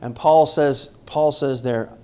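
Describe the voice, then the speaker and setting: A middle-aged pastor from the northern United States preaches a conversational sermon in a steady, medium-pitched male voice that is dark and clean. He speaks slowly and emphatically, addressing the congregation directly and often asking them questions.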